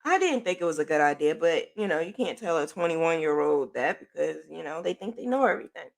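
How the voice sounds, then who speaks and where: A middle-aged podcast host with a deep, creaky voice talks briskly, her intonation lively. She tells a personal story in a loose, chatty way, leaning heavily on "like" and "um" and saying things twice.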